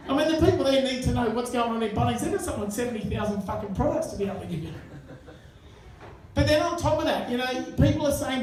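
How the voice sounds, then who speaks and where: A man's voice: extremely high pitch, lively intonation, quick pace, background noise. Male stand-up, crude and chatty, live pub room with heavy echo, distant mic. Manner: crude, conversational, banters with the crowd. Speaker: stand-up comedian. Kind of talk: stand-up comedy set. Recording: echoey room, mic far off. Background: audience laughter.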